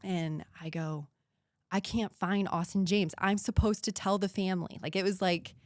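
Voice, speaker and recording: A woman in her thirties from the United States, a podcast guest telling a painful personal story in an earnest voice that sometimes drops to a hushed whisper. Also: mid-range voice, steady tone, normal speed, dry recording, clean studio sound.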